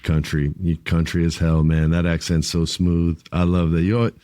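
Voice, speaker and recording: Male host, low voice, dry sound, upbeat and slangy. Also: little pitch movement, moderate pace, mellow, clean tone, no room sound. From Puerto Rico. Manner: enthusiastic, laughs often, slangy. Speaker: podcast host. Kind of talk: casual chat.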